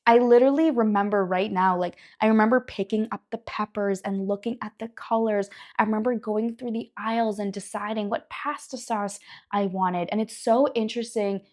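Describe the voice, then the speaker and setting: A young woman, a naturopathic doctor, giving a casual educational talk to camera in a chatty, animated way with many likes and you knows. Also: medium pitch, moderate pace. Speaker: naturopathic doctor and wellness creator.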